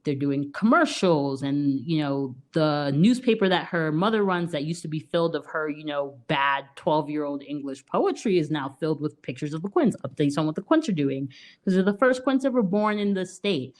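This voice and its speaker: Low-voiced woman co-host, casual and chatty, retelling a movie plot with lots of fillers. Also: lively intonation, normal speed. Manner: chatty, many "like" and "you know" fillers, laughs often. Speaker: podcast co-host. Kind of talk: casual film review.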